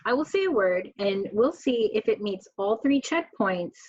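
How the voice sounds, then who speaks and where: Going word by word at a slow, clear pace, a woman teacher gives children a spelling lesson and questions the class. She speaks at medium pitch with lively intonation, in a lo-fi recording with no echo.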